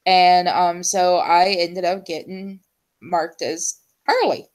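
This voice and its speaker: A woman talk-show host in casual conversation, her voice sitting a little low for a woman. She wanders through her stories with frequent ums and unfinished thoughts. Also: fairly even intonation. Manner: chatty, full of ums and trailing pauses. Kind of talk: casual chat.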